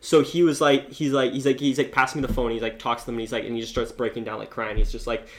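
A man's voice: mid-range voice, little pitch movement, fast talker. A man telling a long story in casual chat, rambling with constant filler words and restarts.

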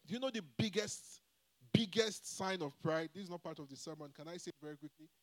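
High-voiced man preaching a sermon. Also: fairly quick. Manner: call-and-response, repeatedly asking the congregation "Hello?"; emphatic with swings in loudness and pace.

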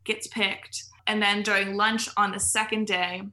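Bright, chatty woman telling stories. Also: medium pitch, flat delivery, a little slow. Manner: chatty, filler-heavy storytelling with frequent laughs. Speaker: podcast guest. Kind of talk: casual podcast chat.

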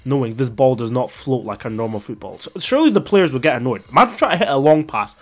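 A man's voice: mid-range voice, animated, fast talker, a little hiss or hum. A young man co-hosting a casual podcast chat, easygoing and laughing often. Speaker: podcast co-host.

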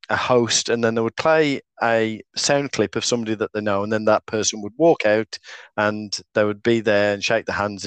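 A man's voice: fairly low pitch, a bit bright, dry recording. A man from Britain hosting a casual podcast, upbeat and joking as he runs the segments. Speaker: podcast host. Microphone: headset or desk mic with earphones.

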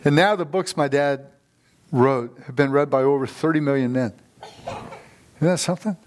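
A man's voice: fairly high pitch, normal speed, slight background noise. Man, middle-aged, guest preacher, fired-up sermon, storytelling, calls for amens, church sanctuary.

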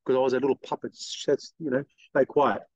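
A middle-aged man, a guest telling blunt, lively stories in an interview and acting out other people's lines. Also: mid-range voice, a little fast, dry recording, muffled recording. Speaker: guest, car detailing business owner. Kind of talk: casual interview storytelling.

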